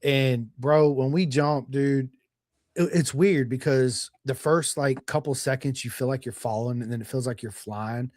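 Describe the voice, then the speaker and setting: Profane, animated man, dry close mic. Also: mid-range voice, measured pace, dry recording. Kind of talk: casual podcast chat.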